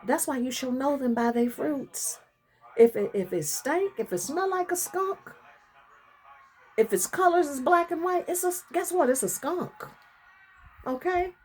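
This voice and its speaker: A woman's voice: high-pitched, expressive, a little slow. A middle-aged woman talking casually to her camera, emphatic and slangy, laughing often. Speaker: vlogger caring for her mother-in-law. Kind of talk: casual reflective monologue.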